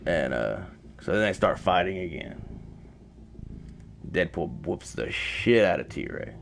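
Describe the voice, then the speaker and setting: Slow, gravelly deep-voiced man. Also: lively intonation, a little hiss or hum. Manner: laid-back retelling with fillers and profanity. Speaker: podcast host. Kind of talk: casual comic-book storytelling.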